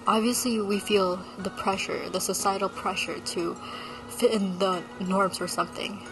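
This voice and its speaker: A woman's voice: medium pitch, fairly even intonation, unhurried, over music, low-quality recording. A woman with an American accent, a touch of Malaysian in it, talking in a blunt, sarcastic, ranting vlog style and swearing freely. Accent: American with a slight Malaysian tinge. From Philippines. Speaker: vlogger. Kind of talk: casual talking-head vlog.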